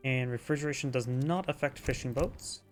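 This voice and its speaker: A man's voice: mid-range voice, moderate pace, over music. A man giving casual, chatty play-by-play commentary on a strategy game match. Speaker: game caster.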